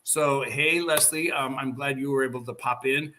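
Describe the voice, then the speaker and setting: A man hosting a casual live video-call chat, talking in a rambling, animated way with many fillers. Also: medium pitch, moderate pace, background noise. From Northern California. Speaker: host.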